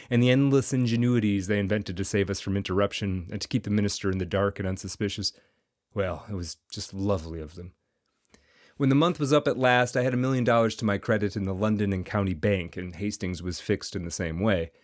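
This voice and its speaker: Male narrator, fairly low voice, lively and expressive classic storytelling. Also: a little fast, no room sound, studio quality. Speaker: audiobook narrator.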